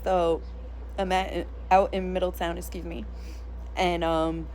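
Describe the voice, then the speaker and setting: A woman's voice: fairly low pitch, a little slow, slight background noise. Blunt, ranting woman vlogger. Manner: animated, blunt, profane. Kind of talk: casual storytelling rant.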